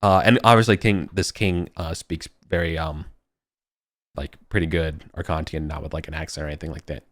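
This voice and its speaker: A man's voice: rumbling low, steady tone, brisk, a bit bright, dry recording. A man narrating a tabletop game as game master, rambling and restarting his sentences. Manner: rambling, many fillers and restarts.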